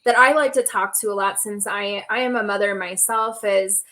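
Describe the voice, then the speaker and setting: A chatty woman astrologer tells a story on a video call panel. She acts out quoted lines with a lively lift in her voice. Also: mid-range voice, normal speed, poor audio.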